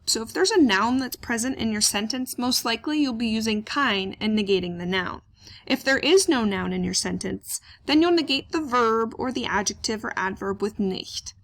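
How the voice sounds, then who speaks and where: Woman, patient classroom lecturer; methodical step-by-step explanations with frequent filler words. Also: a little high. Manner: explains step by step, asks questions aloud and answers them, many "uh" fillers. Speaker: German teacher.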